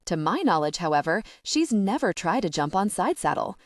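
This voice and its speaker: A woman's voice: on the low side, sing-song, moderate pace, no room sound, studio quality. A woman voicing an earnest, worried younger sister who explains things at length.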